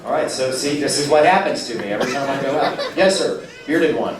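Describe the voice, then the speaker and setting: A wisecracking man bounces his voice up and down as he banters with a live audience. He sounds far from the mic in a very reverberant hall, with a loud crowd and steady noise behind him. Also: medium pitch. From California-born, raised in North Georgia. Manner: joking, quick-witted, teasing the audience. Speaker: guest answering audience questions. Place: large echoey venue with a live audience.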